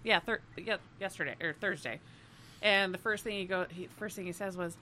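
A woman's voice: medium pitch, fairly quick, sharp tone, slight background noise. A woman co-hosting a podcast, telling a travel story in casual chat, laughing often and swearing freely. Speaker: podcast co-host.

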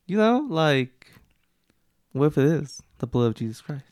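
A man's voice: fairly high pitch, big pitch swings, a little slow, darkish tone, no room sound, clean studio sound. A laid-back man chatting casually about a movie, giving brief replies and laughing often. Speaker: podcast co-host.

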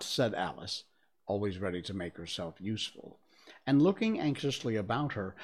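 A man's voice: lowish voice, moderate pace. A man hosting a livestream, reading a storybook aloud and chatting casually with viewers. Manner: chatty, laughing, animated. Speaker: livestream host and reader.

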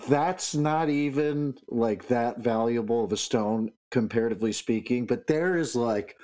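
A man's voice: medium pitch, unhurried. A man in his thirties co-hosting a podcast in casual chat, rambling with many fillers. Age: 30s. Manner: rambling, filler-heavy, animated. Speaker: podcast co-host.

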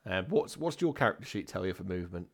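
A man running a tabletop game in a relaxed, chatty way, laughing often. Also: low-pitched, fast talker, gravelly. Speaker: game master.

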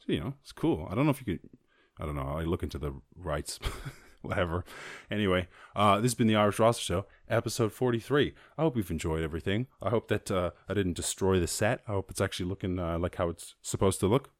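A man's voice: low-pitched, no echo, studio quality. A man hosting his own show, freestyling raps full of swearing, then chatting loosely and laughing at himself. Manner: profane, rambling, laughs at himself. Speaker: show host. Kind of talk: freestyle rapping and casual outro chat. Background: beat music playing.

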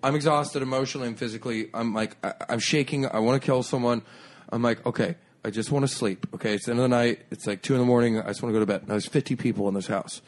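A man's voice: medium pitch, quick pace. Comedian guy on a podcast, telling a wild story, swears a lot, does everybody's lines, normal middle voice. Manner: animated, profane, acts out other people's lines. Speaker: comedian guest.

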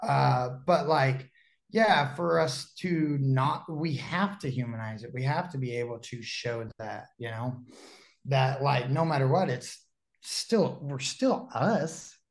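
A man's voice: medium pitch, takes it slowly, gravelly. A man who is a pro wrestler, telling stories as a guest on a podcast, acting out the people in them and laughing often. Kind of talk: casual podcast storytelling.

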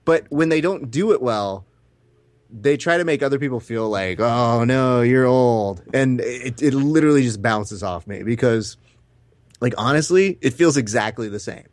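A man's voice: medium pitch, normal speed, dry recording. A man in his thirties, a podcast co-host, telling stories in casual chat and acting out the quotes, swearing now and then. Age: 30s. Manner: animated storyteller, acts out quotes, swears casually.

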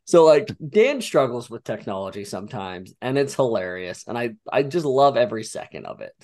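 A man's voice: medium pitch, big pitch swings, brisk, a little mellow. A man in his thirties hosting a casual podcast, teasing his co-hosts in laughing banter. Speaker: podcast host.

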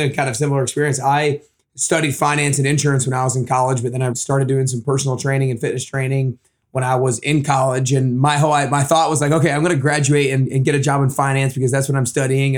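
Fast-talking male podcast host. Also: mid-range voice. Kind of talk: casual interview chat.

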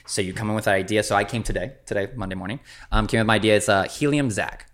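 A young man, a guest on a podcast, telling animated stories about his work and acting out the dialogue. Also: fairly low pitch, fast talker. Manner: animated storyteller, acts out dialogue in voices. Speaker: guest, videographer and producer. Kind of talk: casual podcast conversation.

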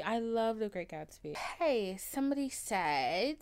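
A young adult woman hosting a solo podcast, talking in an overdramatic, gushing way with free swearing and sudden loud outbursts. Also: fairly high pitch, animated, a little slow, few pauses, clear, resonant tone. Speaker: podcast host.

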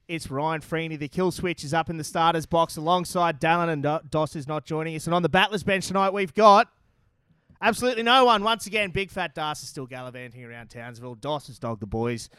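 Aussie guy hosting a rugby show, bright clear voice, dry sound. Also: a little high, fairly quick, no echo. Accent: Australian. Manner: laid-back, blokey banter. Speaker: podcast host. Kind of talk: casual sports talk show.

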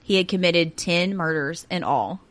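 A woman's voice: on the low side, normal speed, a bit bright. A woman in her thirties hosting a casual true-crime podcast, reading notes aloud with sarcastic asides and frequent laughter. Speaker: podcast host.

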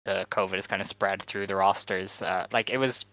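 A low-pitched man with a bright, forward tone, talking casually as a podcast co-host. He hesitates often and fills gaps with ums. The sound is dry and close. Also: normal speed, dry recording, poor audio. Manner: relaxed, hesitant with many fillers. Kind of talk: casual chat.

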